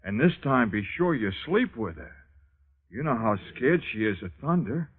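Fussy, worried grown son. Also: male voice, mid-range voice, big pitch swings, normal speed, slightly rough. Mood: fussing. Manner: coaxing, fussing, bossy. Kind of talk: 1940s radio acting. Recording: tinny old radio broadcast.

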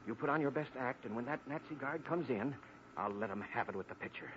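A man's voice: medium pitch, animated, fast, natural voice. A man playing a firm, commanding federal agent. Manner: firm, urgent, giving orders. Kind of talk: 1940s radio acting. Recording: dull old radio recording, faint hiss.

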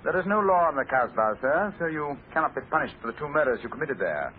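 An actor playing a clever, self-assured male detective in a 1940s radio drama, speaking crisply and deliberately. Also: on the high side, sing-song. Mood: accusing. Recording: tinny old radio broadcast, faint hiss.

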